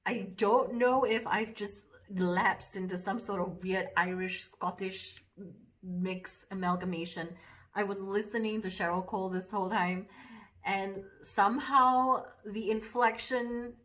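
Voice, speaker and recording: A woman's voice: medium pitch, a bit bright. A young woman making a casual makeup vlog, trying on different accents and laughing at herself, with trailing-off, self-conscious restarts. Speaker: makeup vlogger.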